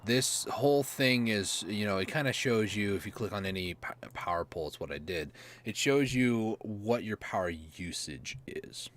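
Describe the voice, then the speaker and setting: A man's voice: fairly low pitch, lively intonation, moderate pace, fairly bright tone. A man giving casual gameplay commentary, rambling and mocking himself, chuckling often. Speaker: gaming YouTuber.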